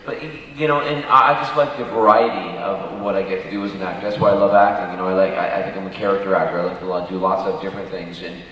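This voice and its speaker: Panel actor, deep-ish man, rambly story mode, boomy far-off hall sound. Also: steady tone, fast, hardly any pauses, a bit bright. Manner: rambling with many fillers and laughs. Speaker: actor on a fan convention panel. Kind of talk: casual panel anecdotes. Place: large convention hall.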